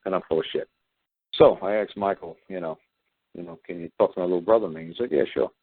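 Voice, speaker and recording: A man's voice: deep voice, fast, husky. A man hosting a talk show, telling a story in a blunt, combative way, repeating "I said" as he goes. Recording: tinny phone line.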